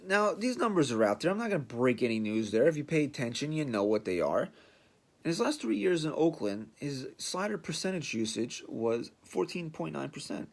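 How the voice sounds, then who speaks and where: A man's voice: mid-range voice, very animated, moderate pace, gravelly. A man hosting a podcast, giving a blunt, sarcastic sports rant and mocking the people he talks about. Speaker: podcast host.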